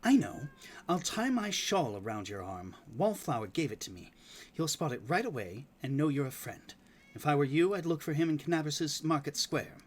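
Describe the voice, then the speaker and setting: A man's voice: a little high, sing-song, normal speed. A man voicing a young, earnest female traveling bard in a game playthrough, reading her lines in his own voice.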